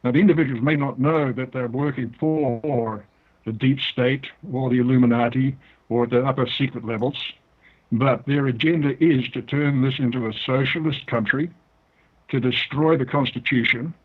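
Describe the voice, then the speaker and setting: An older man with a New Zealand accent speaks in a deliberate, explaining way, as a guest being interviewed. His voice sits at an ordinary pitch for a man. It comes through a narrow, tinny phone line. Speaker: guest author.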